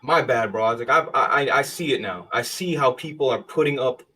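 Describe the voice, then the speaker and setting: A man's voice: medium pitch, brisk, sharp tone, breathy edge, distant mic. A man hosting a casual gaming podcast, talking bluntly and emphatically with plenty of swearing. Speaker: podcast host.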